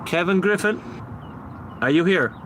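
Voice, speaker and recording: A man's voice: sits high, lively intonation, a little slow, noisy background. A man working as a paranormal investigator, calling out to spirits outdoors at night near beehives and talking to his chat in a coaxing, repetitive way.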